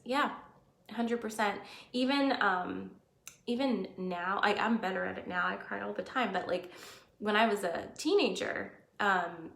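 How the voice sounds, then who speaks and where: A woman's voice: mid-range voice, unhurried, gravelly, fairly bright tone, roomy sound. A woman hosting a live stream, talking earnestly and conversationally and reading out viewer comments. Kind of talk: casual live-stream talk.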